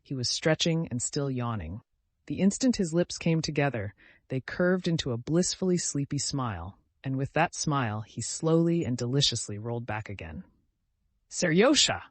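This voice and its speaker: A man narrating a classic novel as an audiobook, calm and measured, lifting his voice for the dialogue. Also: medium pitch, no echo.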